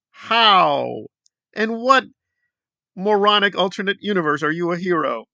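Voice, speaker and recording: A man's voice: high-pitched, animated, a little slow, creaky, sharp tone, no echo. A man hosting a commentary video, ranting in a sarcastic, exasperated way. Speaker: commentary channel host.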